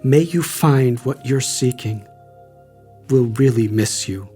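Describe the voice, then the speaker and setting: A man reading the lines of a kind young male traveling companion, in a gentle voice close to his own. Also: mid-range voice, takes it slowly, soft background music, lightly acted. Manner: gentle, understanding.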